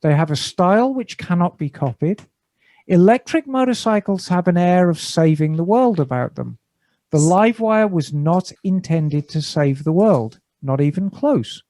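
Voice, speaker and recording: A man's voice: high-pitched, lively intonation, moderate pace, warm tone, no room sound. A man co-hosting a casual motorcycle podcast from a garage studio, reading a listener email aloud with jokey, dry asides. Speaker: podcast co-host.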